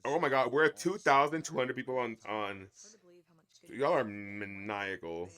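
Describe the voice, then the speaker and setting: Bright-voiced man hosting a chatty stream. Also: mid-range voice, a little slow, clean tone. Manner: chatty, joking, addresses chat as y'all. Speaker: livestream host. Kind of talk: casual watch-along chat.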